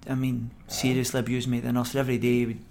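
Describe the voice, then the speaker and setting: Scottish guy, middle-aged, ex-footballer spinning yarns on a podcast, laughs a lot, normal pitch. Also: rapid-fire, slight background noise. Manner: animated anecdote-telling, acts out quoted voices, laughs often. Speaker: former footballer guest. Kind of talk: podcast interview storytelling.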